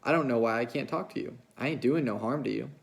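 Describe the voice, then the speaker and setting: A man reading a novel aloud, putting on the voice of a lonely, restless young ranch wife who talks in a coaxing, hurried way. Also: medium pitch, expressive, creaky, darkish tone. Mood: resentful. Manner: coaxing, fast, pleading.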